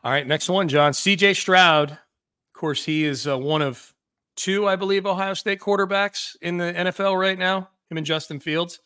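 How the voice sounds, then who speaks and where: A man hosts a sports podcast with a bright, forceful voice that sits a little high. He talks fast and jokes, often restarting his sentences. The sound is dry and close. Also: clean tone, no room sound. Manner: quick, joking, many restarts. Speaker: sports radio host. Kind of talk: casual sports podcast chat.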